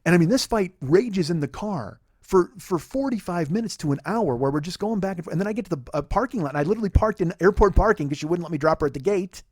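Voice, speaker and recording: A man's voice: sits high, animated, fast, hardly any pauses, darkish tone, husky, no room sound, clean studio sound. A man in his forties hosting a podcast, telling a personal story in a heated, profane, rambling monologue. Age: 40s. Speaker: podcast host.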